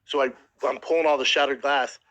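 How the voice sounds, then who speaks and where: Man telling a story, bright and tense. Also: medium pitch, fairly quick, muffled recording. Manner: profane, animated retelling with acted quotes. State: emotional, near tears. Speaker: podcast host. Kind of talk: casual storytelling.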